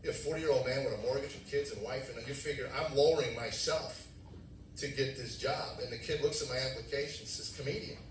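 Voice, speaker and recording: A man in his forties giving a testimony sermon, animated storytelling that acts out dialogue and bursts out loudly. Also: mid-range voice, brisk, a little hiss or hum. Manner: animated storytelling, acting out dialogue with sudden loud outbursts. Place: church sanctuary. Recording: echoey room, mic at a distance.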